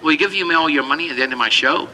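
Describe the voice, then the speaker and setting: A man's voice: a little high, rapid-fire, heavy background noise. A man performing as a street magician, doing cheeky comedy patter and bantering with the crowd at an outdoor show.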